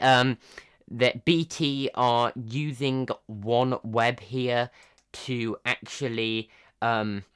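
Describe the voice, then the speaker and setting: Halting, unhurried male tech streamer. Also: mid-range voice, a bit bright, clean tone. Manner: halting, lots of ums and restarts. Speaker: tech news livestream host. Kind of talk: casual live news roundup.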